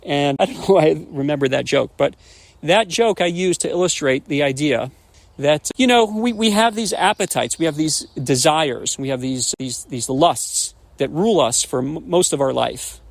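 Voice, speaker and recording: A man in his forties, a rabbi, telling stories and jokes on a podcast in an animated way, often restarting words. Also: fairly high pitch, moderate pace, creaky, dry recording. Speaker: rabbi and educator. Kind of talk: podcast storytelling.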